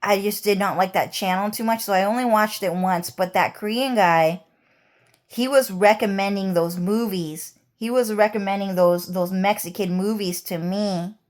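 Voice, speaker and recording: A woman's voice: medium pitch, steady tone, normal speed. A woman vlogger talking in a rambling, heated monologue, swearing often.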